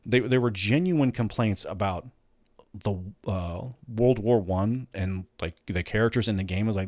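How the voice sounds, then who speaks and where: A man's voice: lowish voice, moderate pace, darkish tone, no echo, studio quality. A man hosting a casual commentary show, ranting bluntly and swearing, with many restarts. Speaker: host.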